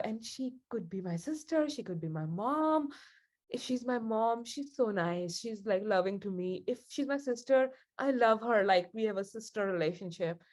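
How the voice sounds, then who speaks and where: A woman's voice: mid-range voice, animated, moderate pace, a little mellow. A woman leading a spiritual group session, telling a story in a chatty, casual way with frequent laughs. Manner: chatty, laughs often, many fillers like "like".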